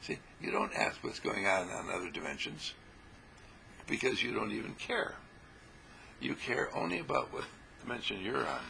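Gravelly, lively man giving a spiritual talk. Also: fairly low pitch, moderate pace, pauses often, a little hiss or hum, rough recording. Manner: animated, acts out little quoted scenes, laughs often. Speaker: spiritual teacher. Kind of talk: spiritual talk to a small group.

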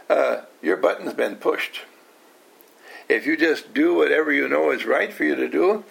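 The older man leading this small, informal group talk has a slightly high, husky voice with vocal fry and a fairly bright tone. As a household teacher, he often asks questions, pokes fun at his listeners, and acts out quoted people.

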